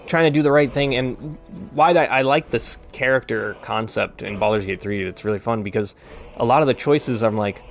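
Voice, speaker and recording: A man's voice: mid-range voice, moderate pace, vocal fry, faint music behind. A man talks casually on a live stream in a mid-range voice. He rambles, restarts his sentences and swears freely. He often slides into heated rants.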